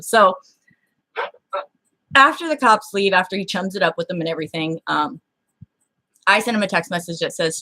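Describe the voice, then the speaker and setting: A woman's voice: mid-range voice, moderate pace, long pauses. A woman telling a personal story in casual chat, blunt and freely profane, acting out the people she quotes. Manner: animated, acts out the people in her story.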